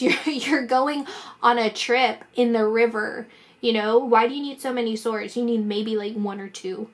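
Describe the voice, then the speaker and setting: A woman giving a psychic tarot reading in a rambling, emphatic way, talking fast with many fillers and restarts. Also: on the high side, steady tone. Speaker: tarot reader.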